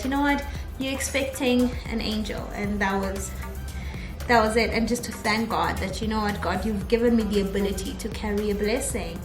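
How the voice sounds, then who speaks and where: A young woman vlogger telling a personal story in a chatty, animated way, often laughing as she talks. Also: a little high. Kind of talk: casual storytelling vlog. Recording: echoey room, faint ambient noise.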